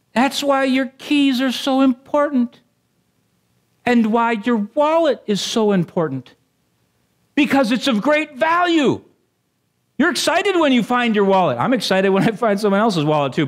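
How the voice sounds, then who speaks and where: A male pastor preaches in a high, lively voice that leaps up and down. He trades jokes with the congregation and then climbs to fervent, excited declarations. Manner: animated, rising to exclamations; jokey asides to the congregation. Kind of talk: sermon.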